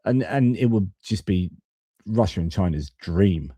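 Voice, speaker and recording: Male stream host, lowish and mellow, rambling and opinionated, dry close mic. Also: lively intonation, measured pace, slightly rough, no echo. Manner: rambling, self-correcting, opinionated. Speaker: host of a live-stream geopolitics channel. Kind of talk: live-stream commentary reading viewer comments.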